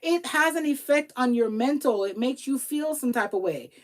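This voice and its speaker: A woman tax professional giving casual motivational advice to viewers, animated and pleading, acting out little quoted exchanges. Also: high voice, moderate pace. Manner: pleading, repeats herself for emphasis. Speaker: tax professional and business coach.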